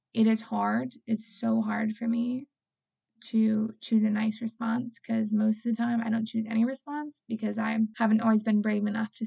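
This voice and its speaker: A woman's voice: on the high side, gravelly, dark tone. A woman vlogger talking casually and earnestly to her viewers, rambling and filling her talk with "like" and "you know". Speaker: vlogger with a clothing brand.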